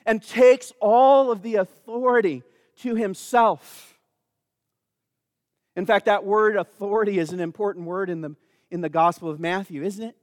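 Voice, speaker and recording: A man's voice: high-pitched, no room sound, clean studio sound, long reverb tail. A man preaching a sermon, emphatic and calling out to the congregation.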